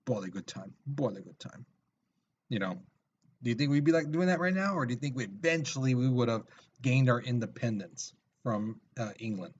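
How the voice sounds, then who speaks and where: A man's voice: mid-range voice, brisk, a little hiss or hum. Casual male teacher, dull recording. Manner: casual, chatty, with many fillers. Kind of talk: recorded video lesson.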